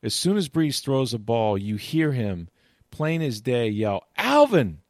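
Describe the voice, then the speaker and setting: A man's voice: mid-range voice, animated, unhurried, darkish tone, no echo, studio quality. A man talking casually about sports, rambling with many restarts and "you know"s, and retelling game moments with animation. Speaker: sports commentator. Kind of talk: casual chat.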